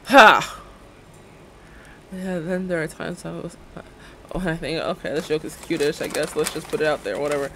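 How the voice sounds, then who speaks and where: A woman's voice: low-pitched, moderate pace, long pauses, pushed and bright, slight background noise. A young woman in her twenties streaming a game, chatting casually in a giggly, rambling way full of "like" fillers. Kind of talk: casual livestream chat while playing a game.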